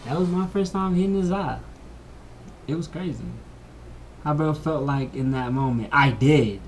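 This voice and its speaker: A vlogger telling a story in slangy casual chat, saying "bro" a lot, moving between mumbled asides and loud excited bursts. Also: mid-range voice, moderate pace, far from the mic. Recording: echoey room, voice from off the mic, faint hiss.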